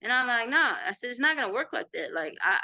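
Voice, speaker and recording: A woman's voice: a little high, fast talker, creaky, dry recording. A woman in her thirties with a Texan accent, telling a story as an interview guest and acting out the dialogue she quotes. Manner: animated retelling with quoted dialogue. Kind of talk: casual storytelling.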